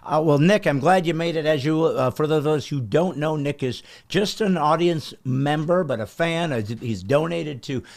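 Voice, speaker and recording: A man's voice: on the high side, moderate pace, vocal fry, few pauses, darkish tone. A man hosting a live-stream podcast, joking and reading out viewer names and comments in casual chat. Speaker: host.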